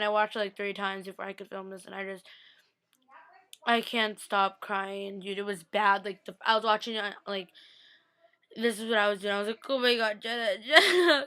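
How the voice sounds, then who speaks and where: A woman with a bright, crisp voice gushes through a casual TV recap. She talks in slang and with strong feeling. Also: mid-range voice. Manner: gushing, emotional, slangy. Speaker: vlogger.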